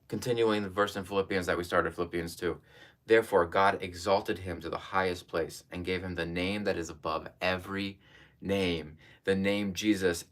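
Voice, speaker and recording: A man preaching a live online sermon, earnest and emphatic, repeating key phrases and sometimes dropping to a hush. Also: deep voice.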